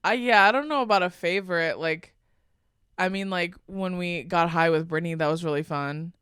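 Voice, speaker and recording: A young woman co-hosting a podcast, telling a story in an animated way, laughing often and swearing casually. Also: lowish voice, moderate pace, smooth, no room sound, clean studio sound. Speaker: podcast co-host. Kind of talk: casual chat.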